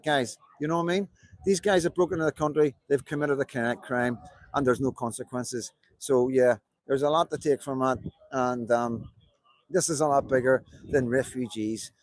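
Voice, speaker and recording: A man's voice: mid-range voice, fairly even intonation, normal speed, no echo. A Northern Irish man giving a heated, rambling speech at a protest, swearing often. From Northern Ireland. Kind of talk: outdoor livestream speech.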